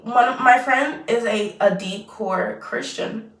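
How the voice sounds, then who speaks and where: A woman's voice: a little high, takes it slowly, a bit bright. A young woman in her twenties chatting casually while doing her makeup, rambling and trailing off mid-sentence. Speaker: vlogger. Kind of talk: casual get-ready-with-me chat. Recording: roomy echo, mic at a distance.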